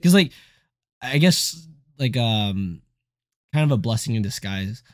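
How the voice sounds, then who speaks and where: Young guy co-hosting a chill podcast, mid pitch, super dry close mic, lots of "like" and cussing. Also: a little slow, no room sound. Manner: animated storyteller, filler-heavy, swears freely. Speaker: co-host. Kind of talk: casual podcast chat.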